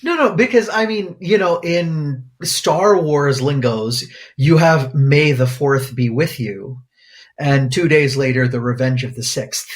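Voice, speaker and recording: A man's voice: a little high, a little slow. A man co-hosting a podcast as a pediatric infectious disease doctor, rambling in casual banter full of fillers. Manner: rambling, many fillers, laughs easily.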